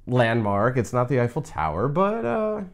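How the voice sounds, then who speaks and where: A man's voice: medium pitch, very animated, normal speed, gravelly. A man co-hosting a casual reaction chat, joking with a mock-exasperated tone and lots of "like". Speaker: co-host.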